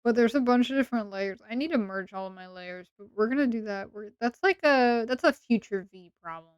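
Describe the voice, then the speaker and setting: A woman's voice: on the high side, fairly quick, smooth, no echo, highs cut off. A woman streamer chatting casually late at night, sleepy, rambling and playfully teasing her chat.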